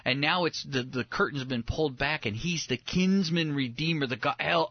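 A man's voice: a little high, moderate pace, hardly any pauses, no room sound, highs cut off. A man hosting a radio show, teaching the Bible in an earnest, conversational way and acting out the quoted lines. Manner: earnest, acts out quoted lines with rising excitement.

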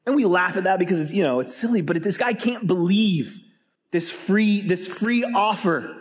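A man preaching a sermon as pastor, telling stories with lively energy and often repeating words as he starts a phrase. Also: high-pitched, normal speed, husky, in a large hall.

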